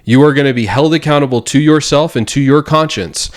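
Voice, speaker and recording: A man's voice: on the high side, a little fast. A man talking straight to the viewer in a heartfelt pep talk, earnest and intense, swearing freely and repeating himself for emphasis. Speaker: video host sharing his recovery.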